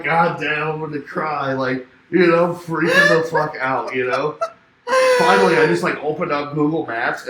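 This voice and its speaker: A young man with a slightly high voice and a faint hiss or hum tells a rambling party story in casual conversation. He swears, laughs, and acts out both sides of phone calls in an animated anecdote full of quoted dialogue. The room is echoey, with faint ambience.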